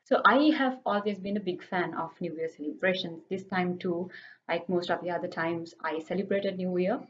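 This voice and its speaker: A woman's voice: fairly low pitch, moderate pace, lo-fi sound, slight background noise. A woman with a Sri Lankan English accent telling stories in a casual vlog, chatty and playful. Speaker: vlogger.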